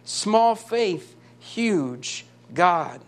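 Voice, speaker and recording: Guy preaching hard, high voice, keeps repeating lines and asking the crowd questions. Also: animated, very slow. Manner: impassioned, emphatic repetition, rhetorical questions. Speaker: pastor. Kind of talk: sermon.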